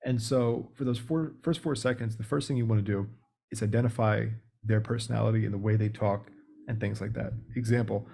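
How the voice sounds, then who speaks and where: Guy on a podcast giving sales tips, gravelly and mellow, laid-back practical way of talking. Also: fairly low pitch, brisk. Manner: relaxed, practical coaching tone. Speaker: podcast guest, sales leader. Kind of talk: casual explanatory interview talk.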